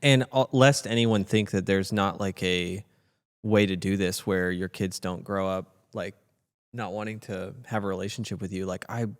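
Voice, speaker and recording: A man's voice: deep voice, fairly even intonation, moderate pace, clear, resonant tone. A man co-hosting a casual discussion, speaking conversationally and telling anecdotes, often with fillers. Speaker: podcast co-host. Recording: reverberant room.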